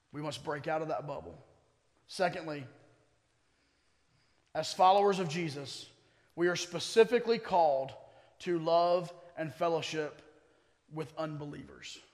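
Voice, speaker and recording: A man with a high, light voice preaches to his congregation. He moves between easy, joking asides and rising, emphatic calls, and his words ring out with a long echo in a church sanctuary. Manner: preaching that builds to forceful emphasis; conversational asides with humor. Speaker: pastor. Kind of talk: sermon.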